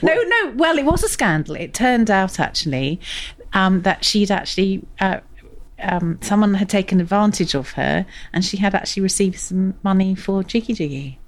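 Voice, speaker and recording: An older woman speaks in a casual podcast chat recorded among vintage cars. Her voice moves lively in pitch. She stays dry and matter-of-fact as she teases her husband. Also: moderate pace. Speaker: guest, host's mother. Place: workplace full of vintage cars.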